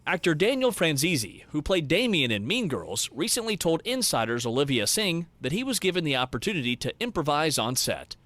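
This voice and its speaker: A man giving scripted narration of movie trivia in a brisk, reading style. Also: a little high, big pitch swings, a bit bright, slight background noise.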